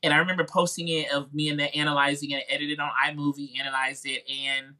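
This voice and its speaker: Fairly high-pitched with little rise and fall, this man speaks quickly and sharply. He's a music YouTuber with a Midwestern twang, guesting on a podcast and telling his story informally, sprinkling in lots of "like" and "you know." It's relaxed interview storytelling, chatty in manner, and he performs the quoted voices himself.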